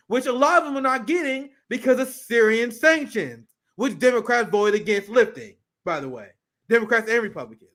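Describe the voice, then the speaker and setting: High-voiced man ranting profanely. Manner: profane, animated, laughs often; reads clips aloud while reacting. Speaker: political commentary host. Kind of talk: casual political commentary.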